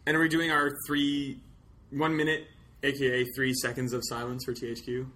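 A man's voice: medium pitch, monotone, normal speed, sharp tone, slight background noise. A man co-hosting a podcast about video games in loose, joking casual chat. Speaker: podcast co-host.

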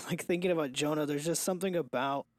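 A man's voice: a little high, a little fast, no echo. A young man, a father, talking candidly and rambling in a casual podcast chat, restarting and trailing off.

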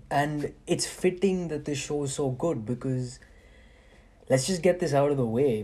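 A man's voice: mid-range voice, mellow. A young man hosting a podcast, talking in a casual, rambling monologue full of swearing and emphatic opinions. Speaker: podcast host.

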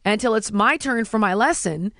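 A woman's voice: medium pitch, moderate pace, a bit bright, no echo, studio quality. A woman, telling stories in a casual chat and mimicking the voices of other people.

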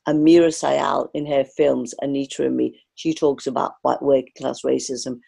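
A woman's voice: very deep voice, level tone, moderate pace, creaky, dark tone, slightly rough, poor audio. A woman from the area, an artist reminiscing in a rambling interview full of restarts. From Liverpool area, England. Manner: rambling, many fillers and restarts. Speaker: artist guest.

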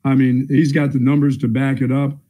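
A man hosting a sports talk show in a measured, folksy way, often saying "I mean". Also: medium pitch, little pitch movement, dark tone.

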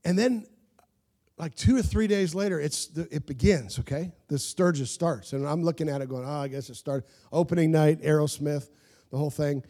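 A man preaching a sermon as pastor, telling stories with animated asides and laughs to his congregation. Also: a little high, normal speed.

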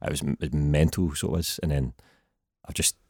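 A man in his thirties with a Glaswegian accent and a very deep voice, chatting casually as a podcast guest and laughing easily. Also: fairly even intonation, fairly quick, darkish tone, breathy edge, no room sound, clean studio sound. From Scotland. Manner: laid-back, laughs easily. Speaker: guest writer.

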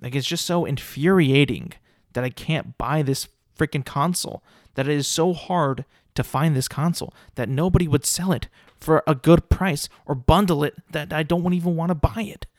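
A man's voice: a little high, normal speed, dry recording. Man, podcast host, exasperated rant, filler-heavy, dry sound. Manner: exasperated, ranting, many fillers and restarts.

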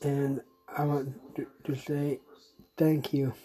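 A podcast host speaking a heartfelt message to a friend in a soft, sad voice, halting and often restarting phrases. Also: medium pitch, little pitch movement, low-quality recording. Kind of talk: personal spoken message to a friend.

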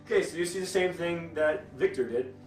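A young man narrating a tabletop game as game master, stumbling over restarts and fillers. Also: a little high. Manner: halting, many restarts and fillers. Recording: echoey room with faint music.

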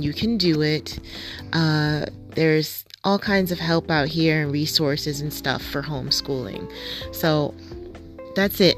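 A mother with a deep, fairly bright voice hosts a podcast, chatting casually and earnestly. Her speech is full of fillers and restarts.

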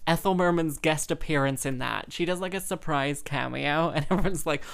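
A woman's voice: sits low, moderate pace, vocal fry. A young woman hosting a podcast, chatting casually in a rambling, self-interrupting way and laughing often. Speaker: podcast host and freelance musician.

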